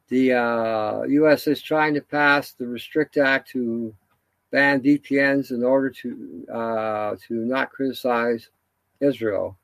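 A man's voice: medium pitch, no room sound. A man giving a rambling, indignant solo commentary, full of fillers and restarts.

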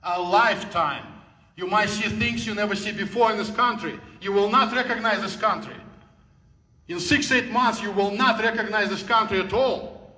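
A man's voice: high-pitched, moderate pace, pushed and bright. A man from the former Soviet Union, giving a fervent, preaching speech in broken English. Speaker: guest speaker. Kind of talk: impassioned speech. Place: hall. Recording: echoey hall recording.

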